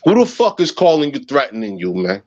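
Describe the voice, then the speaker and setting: A man hosting a heated livestream rant, profane and agitated. He repeats phrases and swings from low mutters to high shouts. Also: wildly swooping pitch, fairly quick. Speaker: livestream host. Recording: muffled lo-fi livestream audio.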